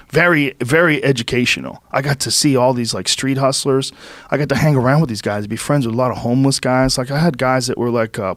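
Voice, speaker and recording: A man in his fifties from the Boston area, hosting a podcast and telling casual stories in a lively, profane way. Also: mid-range voice, dry recording, clean studio sound. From Boston area, USA. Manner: profane, animated storytelling with rising excitement. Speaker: podcast host. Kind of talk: casual storytelling chat. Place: podcast studio.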